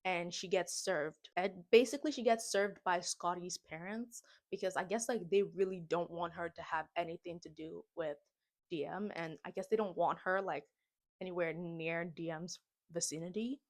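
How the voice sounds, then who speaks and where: A woman's voice: lowish voice, moderate pace. A young adult woman vlogging a casual movie recap and reaction, slangy and dramatic, with comic asides.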